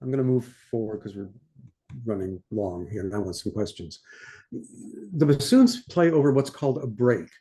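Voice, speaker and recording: An older conductor teaching an online masterclass, talking through a score and singing the passages in scat syllables. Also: male voice, on the low side, animated, moderate pace, mellow. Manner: sings passages in scat syllables between instructions. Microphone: computer mic on a video call.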